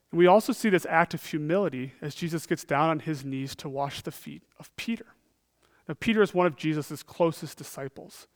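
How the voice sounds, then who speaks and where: Earnest man preaching a sermon. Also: a little high. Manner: earnest, frequent rhetorical "right?", shifts between emphatic and hushed.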